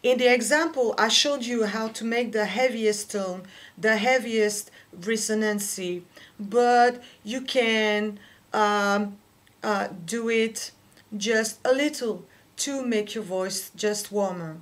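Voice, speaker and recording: Slow-spoken French-speaking woman teaching singing. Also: mid-range voice. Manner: slow, careful explaining with fillers. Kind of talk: vocal lesson with sung demonstrations.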